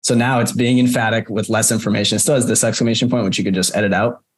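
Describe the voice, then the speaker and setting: A man's voice: on the low side, steady tone, fast, a little hiss or hum. A man teaching a group over a video call in a casual, chatty way, often checking in with "right?" and speaking to students by name. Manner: conversational, frequent "right?" tags, addresses students by name. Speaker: course instructor. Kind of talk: casual screen-share walkthrough.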